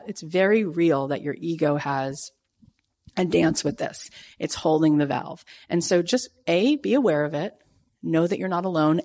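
A woman host giving a casual motivational talk, chatty and full of "like" and "right?", acting out her own reactions with big jumps in pitch. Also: a little mellow. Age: adult with a young daughter. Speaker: podcast host.

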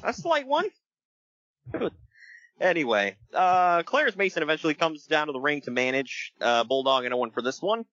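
A man hosting a casual podcast, recapping wrestling in an animated storytelling way and laughing often. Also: fairly high pitch, brisk, few pauses, dry recording, highs cut off. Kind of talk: casual chat.

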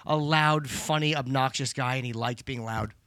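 Bright, profane middle-aged man storyteller. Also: medium pitch, normal speed, no room sound, studio quality. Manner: loud, profane, storytelling with quoted voices. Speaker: comedian and podcast guest. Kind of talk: casual podcast chat.

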